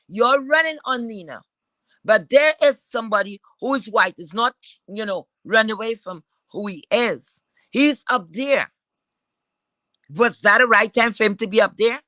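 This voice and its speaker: Woman commentator, bright edgy tone, blunt and foul-mouthed, hammering rhetorical questions. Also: a little high, dry recording. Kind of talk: heated opinion rant.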